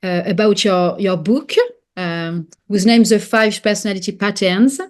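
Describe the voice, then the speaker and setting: A woman with a French accent hosting a podcast interview, speaking hesitantly with many pauses as she searches for her words. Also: mid-range voice, steady tone. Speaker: podcast host.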